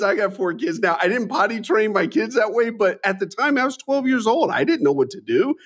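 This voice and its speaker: A Midwestern US man in his forties, whose voice sits high, tells his life story as a guest in a conversational interview. He speaks briskly with few pauses, earnest and animated, often restarting phrases and dropping in a friendly "man."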